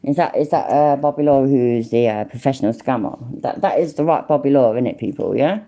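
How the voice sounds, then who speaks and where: A woman's voice: a bass voice, brisk, dark tone. A woman with an English Midlands accent, doing rambling, sarcastic, sweary livestream commentary. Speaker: streamer.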